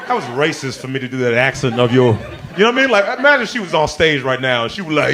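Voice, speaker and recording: A male stand-up comedian performing a live set on a club stage, excitable and playful, working the crowd and leaping into squealing quoted voices. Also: mid-range voice, quick pace. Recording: live club recording with crowd laughter and noise.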